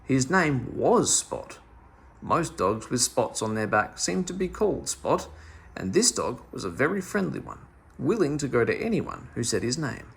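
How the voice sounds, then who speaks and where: A man reading a classic children's story aloud in an animated, expressive way. His voice is gravelly and somewhat husky, with a middle pitch. It rises and falls a lot as he tells the story. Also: moderate pace. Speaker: storybook reader.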